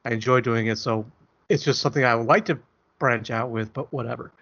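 A man's voice: mid-range voice, fairly even intonation, a little fast, fairly bright tone, husky. A man co-hosting a podcast, chatting casually in a rambling, joking way. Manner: rambling, self-deprecating, jokey. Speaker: podcast co-host. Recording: dull lo-fi audio.

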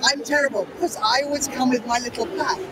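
Hoarse woman over a roaring show crowd. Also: sits high, fast. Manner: animated, exclaiming, laughing. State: coughing, voice going. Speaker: guest baker. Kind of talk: chatty interview at a live show. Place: busy baking exhibition. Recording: loud crowd at a busy show. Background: crowd chatter and noise.

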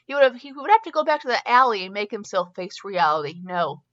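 Bright-voiced woman reading fanfiction aloud. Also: medium pitch, big pitch swings, fast, muffled recording. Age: middle-aged. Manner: stumbles and restarts often, chatty asides. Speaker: fanfiction reader and podcast host. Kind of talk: reading a story aloud with asides.

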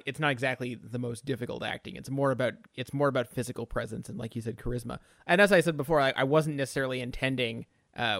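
A man's voice: mid-range voice, vocal fry, fairly bright tone, no room sound. Man chatting on a film podcast, dry sound. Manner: conversational, hedging. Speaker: podcast co-host. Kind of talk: casual film discussion.

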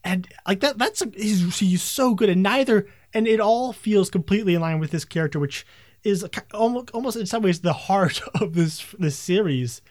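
A man's voice: high-pitched, animated, moderate pace, darkish tone, no room sound, studio quality. A man co-hosting a casual film review podcast, talking with enthusiasm and stumbling restarts. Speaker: podcast co-host.

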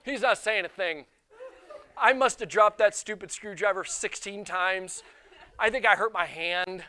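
Bright-voiced male pastor preaching. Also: high voice, a little slow. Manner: animated, self-deprecating, acts out quotes. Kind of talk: sermon with personal storytelling.

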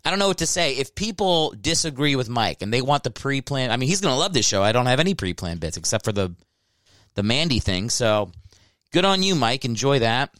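A man in his thirties from Ohio hosts a solo podcast, rambling and cracking profane jokes. His voice is smooth and clean, close on the mic in a dry, dead room. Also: mid-range voice, big pitch swings, fairly quick, a bit bright, no room sound. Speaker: podcast host and stand-up comedian. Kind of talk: casual solo podcast monologue. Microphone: close microphone.

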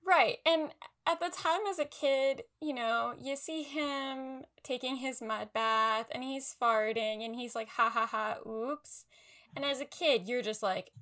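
A young woman chats about films with animated energy. Her voice sits a little high and sounds bright. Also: a little slow. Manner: animated, laughs often. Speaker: podcast co-host. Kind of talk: casual film chat.

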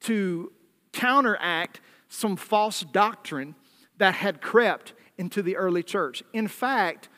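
A man with a Southern American accent preaches an evening sermon, moving easily between reading scripture and talking plainly to his congregation. His voice sits high for a man. The sound carries a long, lingering reverb, like a large church sanctuary. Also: takes it slowly, pushed and bright. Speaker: pastor.

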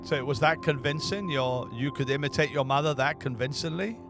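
A man's voice: fairly high pitch, normal speed, over music. A man hosting a podcast, asking conversational questions and giving short acknowledgments. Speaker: podcast host. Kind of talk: interview.

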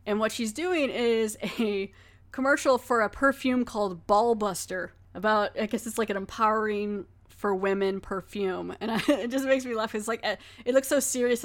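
A woman hosting a podcast, talking through an episode in a loose, chatty way with lots of "like" and "um". Her pitch sits in a middle range. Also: steady tone, moderate pace. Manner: chatty, laughing, many fillers. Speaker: podcast host. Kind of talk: casual episode recap.

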